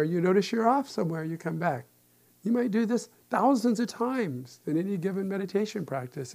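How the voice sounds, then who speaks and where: A man in his sixties, a meditation teacher and therapist, gives a calm, reflective dharma talk with gentle humor. His voice is high, with vocal fry.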